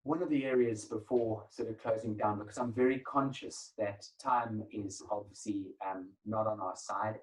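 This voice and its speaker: A man presenting an etiquette webinar over a video call, emphatic and energetic. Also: on the low side, recorded from a distance, low-quality recording. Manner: emphatic, energetic, acts out phone calls. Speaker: etiquette trainer.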